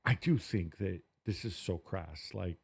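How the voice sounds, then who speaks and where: A man hosting a football podcast in casual chat, wry and quick, with frequent fillers and restarts. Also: sits low, gravelly, darkish tone, slightly rough. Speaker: podcast host.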